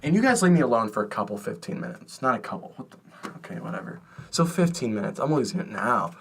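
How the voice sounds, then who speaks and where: A man's voice: mid-range voice, very animated, fast talker, creaky, a little hiss or hum. A young man co-hosting a podcast, telling a rambling, self-mocking story in casual chat. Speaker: podcast co-host.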